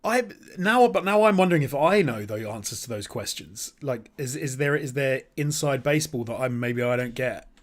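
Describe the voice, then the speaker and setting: A man's voice: mid-range voice, lively intonation, moderate pace, hardly any pauses. A man from the UK co-hosting a podcast in casual chat, talkative and full of questions. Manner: chatty, asks lots of questions. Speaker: podcast co-host.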